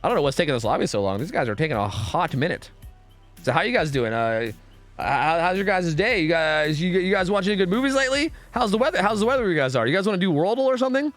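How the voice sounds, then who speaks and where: A young man streaming a game live, chatting with his viewers in a profane, excitable, rambling way. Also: sits high, fast talker, no room sound, faint music behind. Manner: rambling with frequent restarts and fillers. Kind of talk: casual live-stream chat while gaming.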